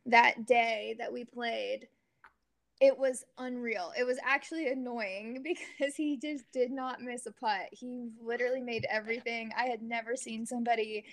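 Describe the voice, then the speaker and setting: Woman, 20s, from Oregon, interview guest, upbeat chatty, slightly high, gravelly fry. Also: steady tone. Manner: chatty and upbeat, laughs often, quick asides. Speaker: guest, golfer and social media influencer. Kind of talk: casual interview chat.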